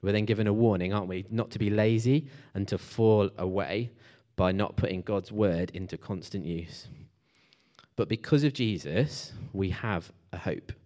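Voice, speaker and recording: A man gives a relaxed church talk. He speaks conversationally, with fillers and restarts. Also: on the low side, moderate pace. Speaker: preacher. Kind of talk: sermon.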